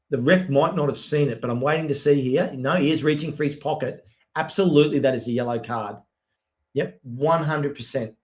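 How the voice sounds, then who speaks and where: Guy doing live fan commentary on a stream, eager play-by-play, lots of quick yeps. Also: medium pitch. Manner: excitable, quick play-by-play with frequent "yep"s. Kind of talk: live match commentary and chat with viewers.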